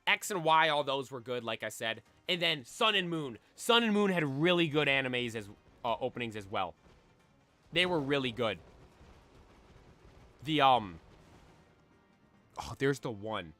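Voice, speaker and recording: Excitable young man, bright voice. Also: a little high. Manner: excitable, belts out anime theme songs. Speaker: streamer. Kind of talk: casual chat while shiny hunting.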